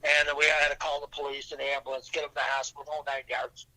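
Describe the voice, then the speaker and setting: A man's voice: on the high side, little pitch movement, fast talker, pushed and bright, poor audio. An older man, a podcast guest, telling long rambling stories in casual chat, with restarts and fillers.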